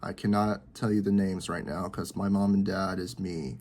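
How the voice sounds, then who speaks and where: Man, early twenties, somewhat low voice, rambling, repetitive, halting, vlog from his bedroom. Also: steady tone, darkish tone, a little hiss or hum. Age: 20s. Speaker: vlogger. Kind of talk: personal talk to camera.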